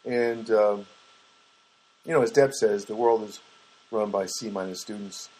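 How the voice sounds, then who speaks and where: A man's voice: fairly low pitch, unhurried, warm tone, poor audio. A man in a rambling, casual monologue, hesitant and full of restarts, with wry asides. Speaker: vlogger.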